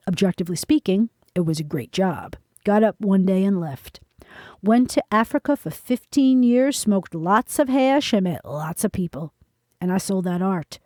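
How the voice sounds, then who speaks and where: A woman putting on a detached, confident older man who talks with easy nonchalance. His tone is mellow and dry, scornful of the foolishness around him. He sounds like he has seen it all. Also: medium pitch, no room sound, close to an everyday voice. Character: cool, confident man of about sixty.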